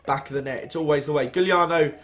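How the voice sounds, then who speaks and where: A man's voice: fairly high pitch, quick pace, fairly bright tone, soft background music. A young man casually commentating on a football management game he is playing, chatty and a bit tired. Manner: chatty, reacting to match events. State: yawning, tired. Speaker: gaming YouTuber.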